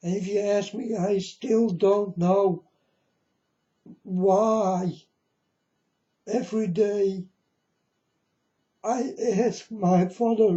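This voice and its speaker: A man speaks slowly and earnestly in non-native English, his voice very dark and mellow. He pleads with his listeners like a self-proclaimed prophet, and the recording sounds dull and lo-fi. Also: sits high, steady tone. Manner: earnest, pleading, repeatedly addressing listeners as folks. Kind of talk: emotional personal testimony to viewers.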